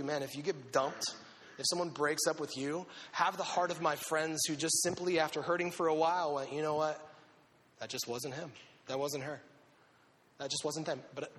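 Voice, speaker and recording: High, bright-voiced man preaching in a hall. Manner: animated and conversational, acting out quotes. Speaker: preacher speaking to young people. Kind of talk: sermon. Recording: long echoing hall reverb.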